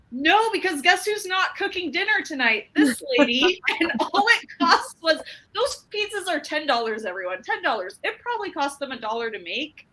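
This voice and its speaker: A woman from Utah, giving a business training talk and acting out an animated story with quoted dialogue. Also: sits high, poor audio.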